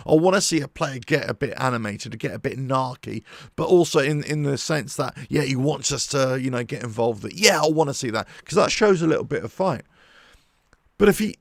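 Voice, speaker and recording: A man talking casually to camera about his football club, animated and rambling with many restarts. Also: a little high, vocal fry, no room sound, studio quality. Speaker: football fan channel host. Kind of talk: casual monologue.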